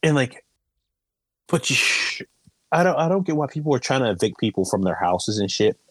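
A man's voice: mid-range voice, sing-song, moderate pace, fairly bright tone, husky, no room sound. A man co-hosting a podcast in a laid-back, slangy way, often agreeing and calling his partner dude. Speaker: podcast co-host. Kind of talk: casual chat.

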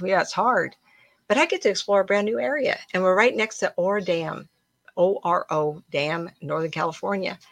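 Middle-aged woman, spiritual talk host; low, gravelly, dry-miked; chatty and emphatic storyteller. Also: fairly bright tone, no echo. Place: room at home with plants.

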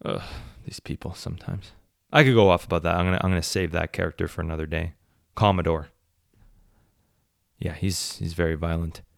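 A man's voice: low voice, steady tone, brisk, gravelly, pauses often, no room sound, studio quality. A man hosting a solo podcast, ranting sarcastically with plenty of swearing. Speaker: podcast host.

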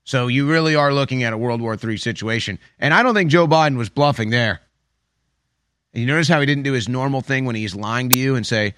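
A man's voice: medium pitch, brisk, a bit bright, slight background noise. A man giving an opinion commentary monologue, emphatic and sarcastic, with a habit of repeating phrases for effect. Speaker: political commentator.

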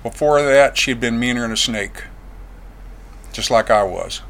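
Plain-spoken guy giving his testimony, mid pitch, gets quiet on the painful stuff. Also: normal speed, gravelly. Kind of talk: personal testimony storytelling.

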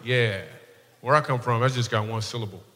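A male comic with a mid-range voice, a little fast and pushed and bright, teases the audience in a playful way from the stage, laughing at his own jokes. The sound comes through a handheld stage mic, with long hall reverb and faint room noise.

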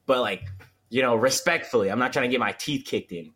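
A man's voice: medium pitch, a little fast, fairly bright tone. A man in his twenties co-hosting a podcast, ranting in loose, profane slang during a casual chat. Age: 20s. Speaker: podcast co-host.

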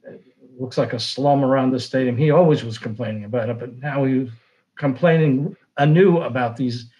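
A man's voice: mid-range voice, fairly quick, dark tone, highs cut off. Older man telling stories. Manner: anecdotal, rambling with fillers and restarts. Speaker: sportswriter guest. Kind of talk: casual storytelling.

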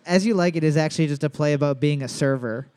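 A man's voice: a little high, fast talker, a little mellow, clean tone. A man hosting a bar trivia night, reading out questions and cracking crude jokes between them. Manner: joking, crude asides. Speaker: trivia host.

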